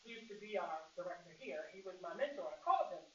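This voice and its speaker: A middle-aged woman teaching a physical therapy class, telling candid stories in a lively, casual way, recorded from across a classroom. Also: fairly low pitch, quick pace. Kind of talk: lecture with personal storytelling. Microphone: far room mic. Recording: distant, roomy, muffled with hiss.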